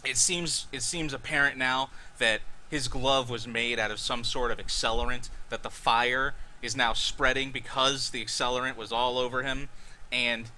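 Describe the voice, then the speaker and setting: A man's voice: medium pitch, fairly even intonation, moderate pace, pushed and bright, a little hiss or hum. A man narrating a tabletop game as dungeon master with vivid, rambling play-by-play.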